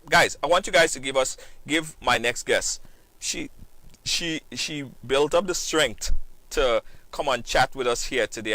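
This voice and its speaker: A man hosting a live stream show, lively and repetitive, giving shout-outs to viewers. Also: medium pitch, no echo. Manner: animated, repeats phrases, bursts into sung shout-outs.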